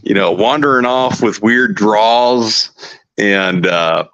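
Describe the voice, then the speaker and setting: Casual Texas-raised man, bright pushy tone, lo-fi stream audio. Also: on the low side, slow, dry recording. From Texas, USA. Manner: laid-back, swears and laughs easily. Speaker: podcast guest. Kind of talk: casual chat on a livestream. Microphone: video call.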